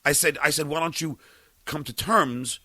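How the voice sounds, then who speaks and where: A middle-aged podcast host rants angrily on air, stammering, swearing, and shouting at times in fury. His voice is on the high side at normal speed, recorded with no room sound.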